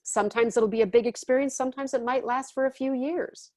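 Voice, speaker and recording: A woman's voice: high-pitched, fairly even intonation, a little fast, warm tone, no echo. A woman teaching a class in a casual, chatty way, often checking in with her listeners. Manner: chatty, often checks in with "okay?" and "all right?".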